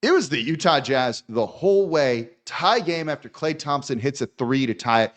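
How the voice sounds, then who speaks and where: A podcast host recapping a basketball game, stammering and exasperated. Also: male voice, medium pitch, lively intonation, normal speed.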